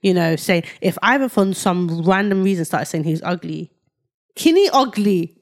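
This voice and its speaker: A woman co-hosting a casual podcast chat, telling stories in an animated, gushing way with frequent laughter. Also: fairly low pitch, moderate pace. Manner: animated, gushing storyteller who laughs often. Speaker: podcast co-host. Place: indoor podcast recording.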